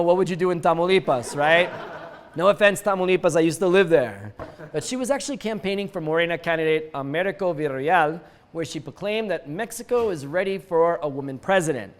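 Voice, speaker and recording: Wry, high-voiced man hosting satirical news. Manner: wry, joking asides with chuckles. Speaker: news show host. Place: lives in Mexico City.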